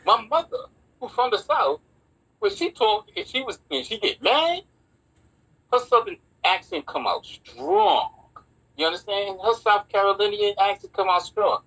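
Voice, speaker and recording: A man, co-hosting a casual talk show, animated and speaking in quick bursts. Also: high voice, poor audio. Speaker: podcast co-host. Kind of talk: casual chat.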